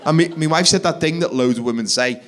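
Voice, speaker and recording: A man telling a stand-up comedy story on a live theatre stage, animated and acting out the people in it. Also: fairly high pitch. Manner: animated, acts out kids and wife in quick voices.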